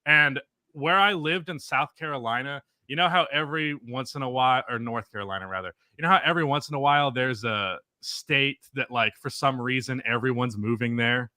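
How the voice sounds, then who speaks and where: Profane, opinionated male podcast co-host; bright, tense tone, dry sound. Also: mid-range voice, brisk, few pauses, no echo. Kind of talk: casual sports podcast chat.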